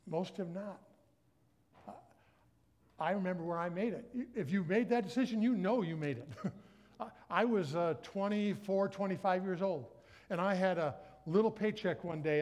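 A middle-aged man giving a sermon as a guest speaker, telling stories with animated acted-out dialogue. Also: sits high, normal speed. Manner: animated storytelling, acts out his own inner dialogue.

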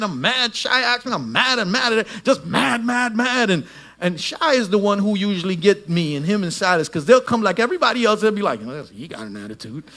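A middle-aged man preaching a sermon, swinging between shouted lines and soft asides. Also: very high voice. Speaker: pastor.

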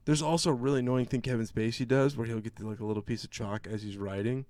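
A man's voice: mid-range voice, fast talker, no room sound. A man co-hosting a podcast, ranting sarcastically about a movie in casual chat and mocking its characters. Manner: sarcastic, animated movie rant with mocking impressions. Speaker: podcast co-host.

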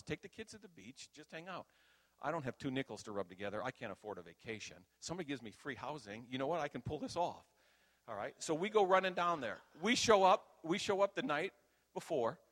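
A middle-aged man preaching a storytelling sermon, acting out quoted dialogue loudly and with animation. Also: mid-range voice.

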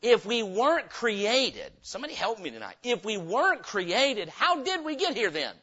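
A man's voice: sits high, wildly swooping pitch, moderate pace, bright, forceful tone. A man preaching a revival sermon in a church, emphatic and firing rhetorical questions at the congregation. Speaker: pastor. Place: church sanctuary. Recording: dull lo-fi sermon recording.

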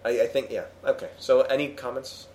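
A man hosting a casual comics discussion, retelling a story with animated enthusiasm and many restarts. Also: mid-range voice, fairly quick. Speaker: podcast host reviewing comics. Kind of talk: casual chat.

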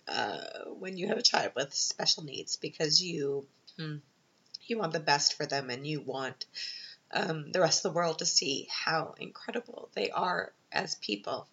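A woman's voice: sits low, lively intonation, measured pace, fairly bright tone. Teary woman rambling on her podcast, lots of ums, kinda muffled lo-fi sound. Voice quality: unscripted, hesitant with many ums. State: tearful, emotional. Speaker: podcast host. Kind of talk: personal podcast monologue. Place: Vienna.

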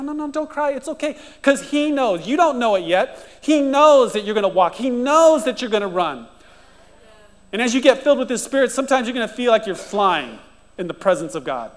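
Man preaching in a reverberant church. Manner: warm encouraging preaching, rising to animated high-pitched mimicry. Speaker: pastor. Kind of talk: sermon and prayer. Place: church sanctuary. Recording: long church reverb with soft guitar. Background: soft guitar music.

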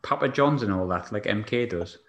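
A man's voice: fairly low pitch, animated, fairly quick, echoey room, highs cut off. A man hosting a casual football chat, chatty and jokey, asking lots of questions.

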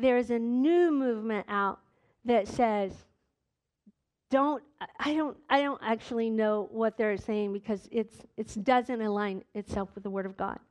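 A middle-aged woman pastor preaching a sermon, earnest and direct, putting questions to the congregation. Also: on the high side.

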